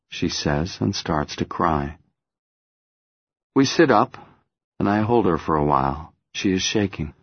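Deep, husky male audiobook narrator. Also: animated, a little slow, long pauses, no room sound, highs cut off. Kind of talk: first-person audiobook narration.

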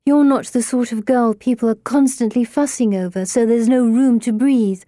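Woman doing a spoiled teen girl, high and whiny, all drama, audiobook vibe. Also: normal speed, warm tone, no room sound, studio quality, close to an everyday voice. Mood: plaintive.

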